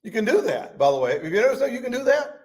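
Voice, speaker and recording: Animated high-voiced preacher man. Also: racing. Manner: animated, rises to shouts and drops low. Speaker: pastor. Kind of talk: Bible study teaching.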